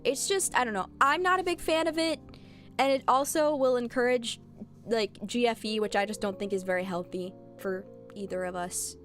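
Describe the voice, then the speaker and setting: A woman streamer chatting casually with her viewers, animated and blunt, laughing often. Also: fairly high pitch, normal speed, faint music behind.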